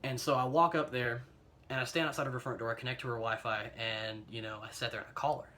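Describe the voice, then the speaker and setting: A young man with an American accent recounts a mishap in a loose storytime monologue. His voice sits at an ordinary middle pitch, and he rambles along with plenty of "like" and "you know". He mocks himself and breaks into chuckles, all captured on a phone camera. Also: steady tone, fast, pushed and bright. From United States. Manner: rambling and self-mocking, full of fillers and chuckles. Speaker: vlogger telling a personal story.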